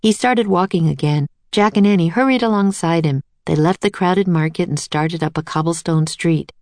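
A woman narrating a children's chapter book in clear, even storytelling. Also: on the low side, moderate pace, dry recording.

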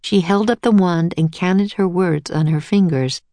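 A woman reading a children's storybook aloud as narrator, in an even, clear read-aloud manner. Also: lowish voice, measured pace, few pauses, no room sound.

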